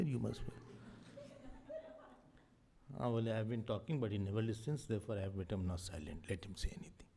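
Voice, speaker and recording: A man with an Indian English accent giving a spiritual talk as a swami, telling stories with lively voices, sudden loud exclamations and soft asides. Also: lowish voice, gravelly, husky. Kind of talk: sermon-style discourse with stories. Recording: long hall reverb.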